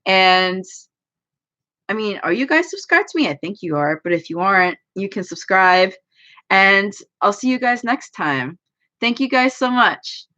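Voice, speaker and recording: Very animated yet measured in pace, a young woman with a bright, forceful, mid-range voice chats casually on a home livestream. An anime YouTuber, she rambles and makes jokes at her own expense, and the audio is dull and lo-fi.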